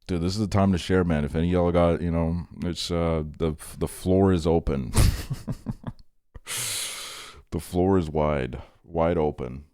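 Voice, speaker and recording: Super deep voice, chill twenty-something dude rambling to chat, dry close mic, kinda tired. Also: male voice, fairly even intonation, normal speed, mellow, clear, resonant tone, dry recording. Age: 20s. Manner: rambling, laid-back, laughs often, talks to chat. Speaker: streamer. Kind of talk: casual late-night stream chat.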